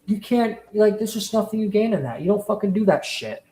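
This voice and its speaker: A commentary streamer rants with heavy emphasis and frequent swearing. The voice sits at a middle pitch. The room adds a noticeable echo. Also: lively intonation, a little fast, warm tone. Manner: profane, emphatic, repetitive. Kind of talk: heated casual rant.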